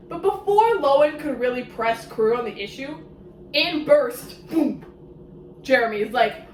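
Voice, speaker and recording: High-voiced woman, sarcastic book recap. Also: measured pace, reverberant, far from the mic, slight background noise, low-quality recording. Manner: sarcastic, animated, exclamatory asides. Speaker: book reviewer. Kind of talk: casual book summary commentary.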